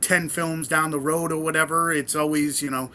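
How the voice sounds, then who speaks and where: A man co-hosting a podcast, with a somewhat high and sharply bright voice. He rambles through his points, padding them with fillers. Faint hiss sits underneath. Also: level tone, normal speed. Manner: rambling, many "you know" fillers. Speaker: podcast co-host. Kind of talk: casual podcast interview.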